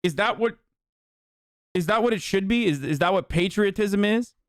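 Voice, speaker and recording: A man tears into a topic on his stream with heated, profanity-laced commentary. His voice sits fairly high for a man. The sound is close and dry, with no room echo. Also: lively intonation, moderate pace. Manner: profane, angry ranting.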